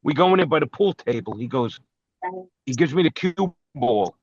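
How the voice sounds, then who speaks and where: A man's voice: mid-range voice, expressive, moderate pace, breathy edge, no room sound. A man with a Brooklyn accent, co-hosting a podcast and telling profane, brash stories full of acted-out quotes. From New York. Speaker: podcast co-host. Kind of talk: casual storytelling chat. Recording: dull, dry lo-fi recording.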